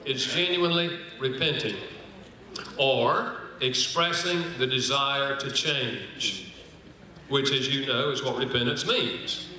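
An older man with a mid-range, sharp-toned voice speaks slowly at a conference, teaching sermon-style through anecdotes. He acts out the quoted lines and jokes with the audience. The audio is roomy hall sound picked up by a distant mic.

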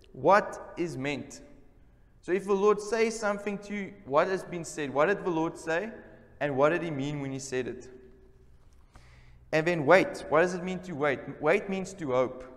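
Male pastor, raised voice, emphatic sermon delivery with call-outs to the congregation, long church-hall reverb. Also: on the high side. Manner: emphatic, repeats key words, calls for responses. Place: church service.

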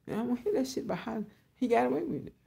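A woman's voice: fairly high pitch, animated, racing, gravelly, mellow, slightly rough. A woman hosting her own online show, giving a blunt, profane opinion monologue and repeating her points.

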